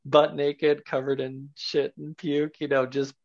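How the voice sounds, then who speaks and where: A man's voice: fairly high pitch, level tone, unhurried, no room sound. A man as a podcast guest, earnestly recounting a personal experience in a searching way, loose with fillers. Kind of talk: personal storytelling in an interview. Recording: dull lo-fi sound.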